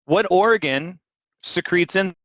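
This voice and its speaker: A man teaching physiology in a live online lecture, animated and questioning, repeating key words. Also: sits high, takes it slowly, dry recording. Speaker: physiology instructor. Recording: dull, dry video-call audio.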